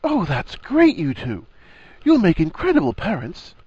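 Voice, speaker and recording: An eager young wizard who tumbles over his words, raised well above the reader's normal voice and leaping up and down in pitch, as a man puts him on. The storybook read is dry and a little dull. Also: sing-song, brisk, darkish tone, husky, dry recording, exaggerated voice. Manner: stammering, eager.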